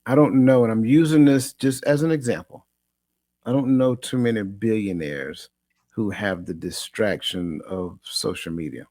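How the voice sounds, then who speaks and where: Animated low-voiced male podcast host. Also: normal speed, no echo. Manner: animated, preachy, repeats himself, laughs often. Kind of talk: casual chat.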